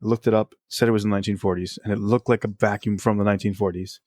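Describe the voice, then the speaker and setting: A man, a guest on a casual podcast, candidly telling personal stories and getting animated as he retells them. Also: lowish voice, rapid-fire, no room sound, studio quality. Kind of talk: casual storytelling.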